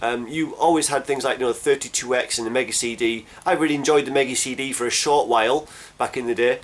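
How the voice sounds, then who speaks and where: A man's voice: mid-range voice, steady tone, fast. A man in his thirties giving casual, rambling commentary as a gaming video maker. He grumbles, hesitates a lot and restarts his sentences. His accent drifts after more than a decade living abroad.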